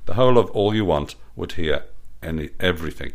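A man's voice: low voice, animated, brisk, few pauses. A man reading aloud his own playful story, with a self-amused manner.

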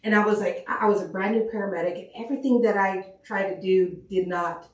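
A woman's voice: medium pitch, steady tone, fast talker. Woman paramedic telling stories, echoey room. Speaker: paramedic guest. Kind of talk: casual storytelling on a podcast. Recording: echoey room, mic at a distance.

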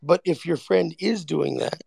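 A man presses his point in a heated voice-chat argument, repeating himself and cutting in constantly. His voice is slightly high for a man but deeply gravelly, full of fry, and the sound is dry. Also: normal speed, a little mellow, dry recording. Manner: insistent, repeats words, talks over others.

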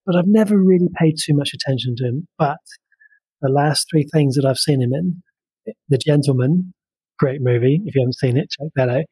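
A man co-hosting a relaxed film review chat, his voice slightly husky and recorded dry with no room sound. He talks eagerly, with many fillers and restarts. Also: on the high side, brisk, no echo. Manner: chatty and enthusiastic, with frequent fillers and restarts. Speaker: film podcast co-host.

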